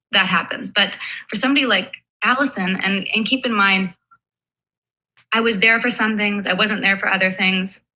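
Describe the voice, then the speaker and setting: A woman talks thoughtfully on a podcast, working through her points with care. Her voice is very bright and sharp, while her pitch stays in a middle range. She explains calmly, in a conversational way. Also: low-quality recording. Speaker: podcast guest. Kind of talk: reflective podcast talk.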